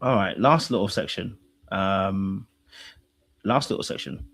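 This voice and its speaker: A man's voice: deep voice, a little slow, a bit bright. A man hosting a podcast, moving the show along to the next section.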